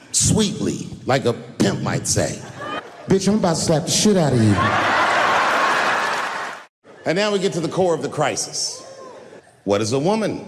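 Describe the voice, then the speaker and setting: Male stand-up comic, lively swinging pitch, profane, big reverberant venue with faint room ambience. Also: a little hiss or hum. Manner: animated, profane, jumps between voices. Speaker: stand-up comedian. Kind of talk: stand-up comedy routine.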